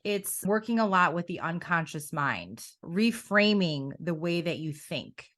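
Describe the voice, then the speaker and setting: A middle-aged woman coach in a conversational interview, telling her story in an animated way and often quoting her own past thoughts. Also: fairly low pitch, measured pace. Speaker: coach and academy founder.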